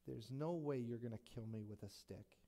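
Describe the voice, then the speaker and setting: A man voicing an arrogant giant warrior in a sermon retelling, speaking low and quiet with scorn. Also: moderate pace, natural voice. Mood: scornful.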